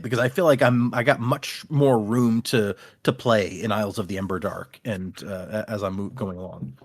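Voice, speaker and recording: A man's voice: fairly low pitch, fairly even intonation, moderate pace, no room sound, studio quality. A man hosting a casual podcast, reading listener emails aloud and laughing easily. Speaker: podcast host.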